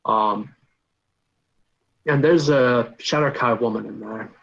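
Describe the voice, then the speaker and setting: A man narrating a tabletop role-playing game as game master, voice sitting at an ordinary middle pitch. He describes scenes in a relaxed, halting way, pausing on fillers as he goes. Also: creaky, highs cut off. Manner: casual, halting, lots of fillers.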